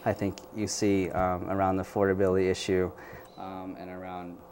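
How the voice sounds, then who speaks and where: A man, a community organizer guest in a news interview, answering in a measured, thoughtful way with frequent fillers. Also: sits low, completely flat delivery, a little mellow, a little hiss or hum.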